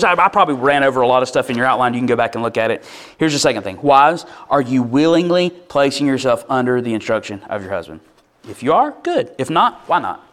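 A married man preaching a sermon, blunt and folksy, repeating phrases for emphasis and swinging from urgent pleas to quiet asides. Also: medium pitch. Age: adult, married. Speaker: pastor.

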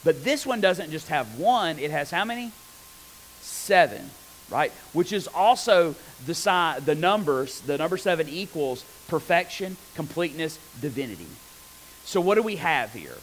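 A man preaching a conversational sermon on scripture, animated and often asking his listeners rhetorical questions. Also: on the high side, normal speed, slight background noise, poor audio.

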